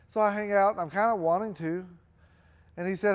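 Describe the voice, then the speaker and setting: A man's voice: high-pitched, steady tone, brisk, clear, resonant tone. A middle-aged man preaching a sermon as a pastor, telling a personal story in a conversational, self-deprecating way. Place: church auditorium.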